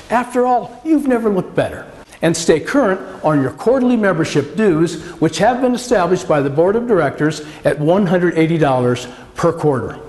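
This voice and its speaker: A man giving a scripted corporate presentation, laying out requirements with upbeat, gently joking asides. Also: high voice, animated, moderate pace.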